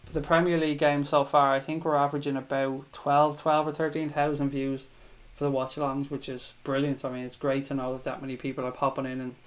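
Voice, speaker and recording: Over poor audio, this mid-range, quick-talking livestream host keeps his pitch mostly level. He's Irish, chatting loosely with fans on his live stream, answering their comments, saying mate a lot and cursing without hesitation.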